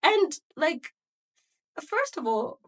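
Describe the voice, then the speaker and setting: A young woman from Zambia hosting a solo podcast, telling a personal story in a chatty, animated way and laughing often. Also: sits high, extremely slow. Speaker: podcast host.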